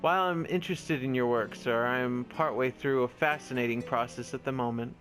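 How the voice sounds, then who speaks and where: A man's voice: mid-range voice, a little fast, fairly bright tone, soft background music, close to an everyday voice. A man reading the lines of a cool, reserved young male lab assistant in a video game, in a dry, formal way.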